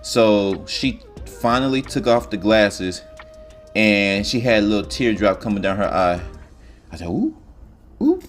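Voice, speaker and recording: A man's voice: fairly low pitch, measured pace, faint music behind. A man telling a comedic story in a loose, rambling, profane way.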